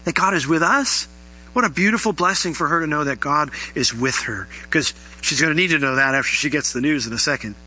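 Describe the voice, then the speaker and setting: A man preaching a sermon as pastor, animated, his voice rising high on emphatic questions. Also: brisk, slightly rough, poor audio.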